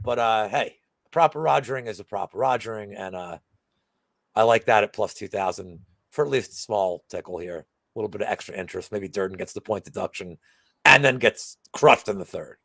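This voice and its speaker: A man's voice: on the low side, fairly bright tone, no room sound. A man co-hosting a betting show in casual chat, rambling with lots of fillers and restarts.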